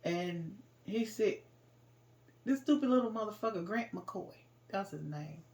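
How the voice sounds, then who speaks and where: A woman tells a painful story from her own life in plain, informal speech. Her talk is raw and emotional, and she rises to loud outbursts when she relives the worst moments. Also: medium pitch, a little slow. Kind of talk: personal storytelling.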